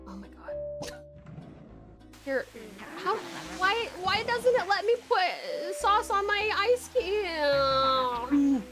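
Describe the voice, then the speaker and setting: A woman's voice: very high-pitched, lively intonation, extremely slow, long pauses, over music. An Australian woman from Tasmania streaming a game, frantic, swearing a lot and laughing often. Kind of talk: casual gameplay commentary.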